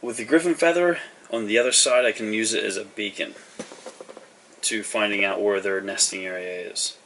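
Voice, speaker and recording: A man's voice: lowish voice, normal speed, fairly bright tone, recorded from a distance, a little hiss or hum, poor audio. A man voicing a helpful male shopkeeper ally in a tabletop game, matter-of-fact and plain.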